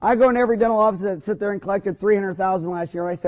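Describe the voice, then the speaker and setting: A man's voice: high voice, fairly even intonation, fast, darkish tone. A man, a dentist, giving an informal recorded lecture to other dentists, talking in an emphatic, folksy, rambling way with many asides.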